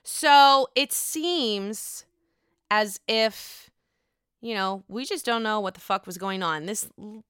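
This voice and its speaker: A woman's voice: mid-range voice, takes it slowly, a bit bright, clear, resonant tone, no echo, clean studio sound. A woman with a Pittsburgh accent hosting a casual gossip podcast, candid and profane, with a sore throat. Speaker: podcast host. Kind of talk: casual reality-TV gossip chat.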